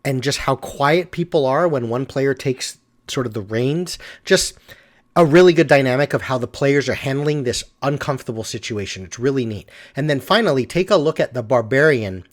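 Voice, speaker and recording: A middle-aged man talks casually over a game clip, leaning hard on his points and repeating them for emphasis. His voice sits at an ordinary male pitch. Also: animated, moderate pace. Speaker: commentator. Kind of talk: casual video commentary.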